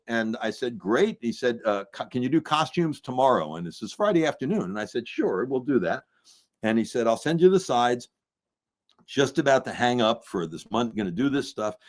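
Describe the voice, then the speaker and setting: An older man, a filmmaker and musician, telling a long anecdote in an interview and acting out the people he quotes. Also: mid-range voice. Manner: animated storyteller acting out quoted voices. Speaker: filmmaker guest.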